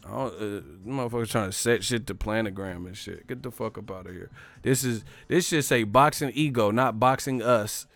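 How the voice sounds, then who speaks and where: A man's voice: on the low side, moderate pace, a bit bright. A man hosting a livestream, ranting in a brash, profane, casual way and laughing often. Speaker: livestream host.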